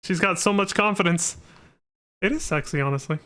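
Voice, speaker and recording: A man's voice: high voice, fairly quick, heavy background noise. A man giving casual, profane let's-play commentary with laughing asides. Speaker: streamer.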